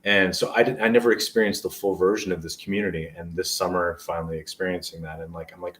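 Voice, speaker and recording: A man's voice: low-pitched, fairly even intonation, fast, few pauses, fairly bright tone. A man in his forties from New Jersey, a guest telling stories in a rambling, earnest way during a casual interview. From New Jersey, USA. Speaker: guest, motivational speaker. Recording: voice distant from the mic.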